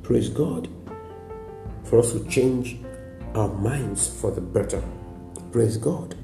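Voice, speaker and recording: A man's voice: medium pitch, slow pace, creaky, dark tone, reverberant, soft background music. A Nigerian man preaching a sermon as a pastor, emphatic, repeating lines and adding frequent "praise God". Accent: Nigerian English.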